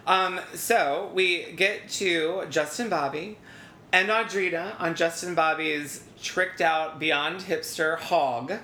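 A podcast co-host recapping a reality show with snarky, deadpan jokes and the odd swear word. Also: medium pitch, slow, a little hiss or hum. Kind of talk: casual recap chat. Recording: roomy echo.

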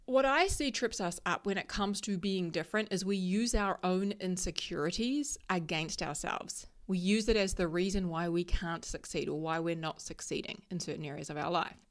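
A woman's voice: fairly low pitch, moderate pace, hardly any pauses. A woman in her thirties giving a motivational talk about solo travel, emphatic and coaching, often checking in with "right?".

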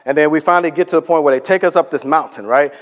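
Man, preacher, sermon, conversational storytelling, fairly high voice, long hall echo. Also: very fast. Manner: conversational, storytelling, acts out quotes. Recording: echoey hall reverb.

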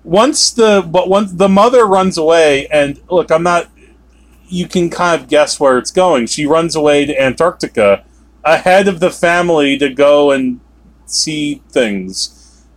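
A man co-hosting a movie review podcast, talking in a rambling, animated way with sudden emphatic outbursts. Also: a little high, unhurried. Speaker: podcast co-host. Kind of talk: casual movie review chat.

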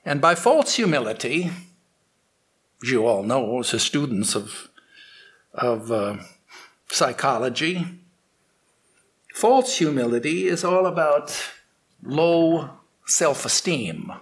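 A man giving a morning spiritual talk, telling a fable in a slow, halting way with restarts. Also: mid-range voice, sing-song. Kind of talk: sermon with storytelling.

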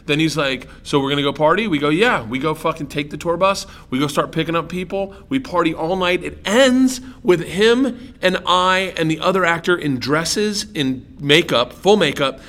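Man, bright tense voice, profane rambling storyteller, casual chat. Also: on the high side, moderate pace, few pauses. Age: young adult. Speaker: comedian, guest.

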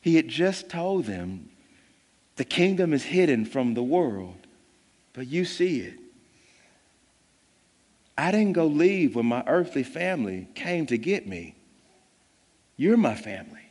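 Casting: male preacher, fairly high voice, slow and deliberate, big dynamic swings, long reverb of a church hall. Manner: animated, swings from loud bursts to hushed; conversational, acts out voices of disciples. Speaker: pastor. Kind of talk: sermon.

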